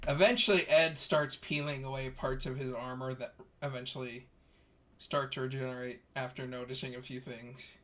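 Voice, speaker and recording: A man running a tabletop role-playing game as game master, narrating the scene in a relaxed way with restarts. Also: medium pitch, normal speed. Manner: relaxed storytelling with fillers and restarts.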